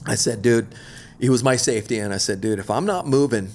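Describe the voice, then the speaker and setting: A middle-aged man, an extreme athlete guest, telling a story in an animated, slangy, laid-back way. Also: medium pitch, fairly quick. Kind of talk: casual storytelling interview.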